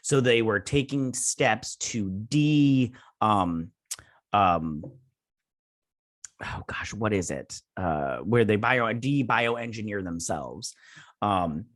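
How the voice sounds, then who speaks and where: With a lowish, expressive voice, a man speaks slowly and pauses often, recorded cleanly in a studio with no room sound. Hosting a review channel, he gives a loose, hesitant plot recap full of fillers and restarts, now and then slipping into playful voices for the characters.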